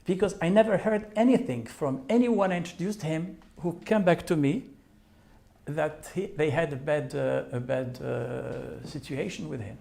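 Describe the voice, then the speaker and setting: A man's voice: fairly high pitch, moderate pace, creaky, warm tone, a little hiss or hum. A man answering questions in an interview, defensive and hesitant.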